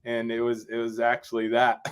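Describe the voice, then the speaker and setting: A man from Rochester, New York, a drummer guesting on a podcast, telling a story in a rambling, animated way and often asking "you know what I'm saying". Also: mid-range voice, normal speed, clear, resonant tone. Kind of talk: casual storytelling interview.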